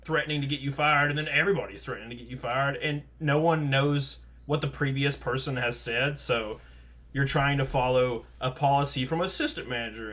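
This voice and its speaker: A man in his thirties hosting a casual podcast chat, telling stories lively and acting out the people he quotes. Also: mid-range voice. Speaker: podcast host.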